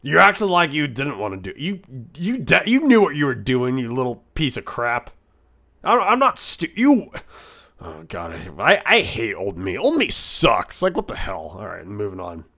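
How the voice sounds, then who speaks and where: A man streaming in character as a brash male echidna, reacting with crude jokes and loud goofy outbursts. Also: mid-range voice, sing-song, normal speed, creaky, hardly any pauses.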